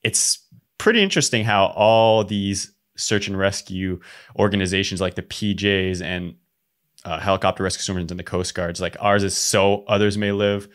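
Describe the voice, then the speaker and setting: Low-voiced laid-back podcast host. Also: male voice, normal speed. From Quebec. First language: French. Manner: laid-back, chatty, slangy. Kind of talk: casual interview.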